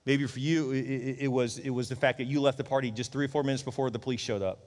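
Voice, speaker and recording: A man's voice: mid-range voice, fairly even intonation, quick pace, a little mellow. Man preaching in a reverberant hall. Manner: conversational, acts out quoted voices. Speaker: pastor. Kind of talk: sermon.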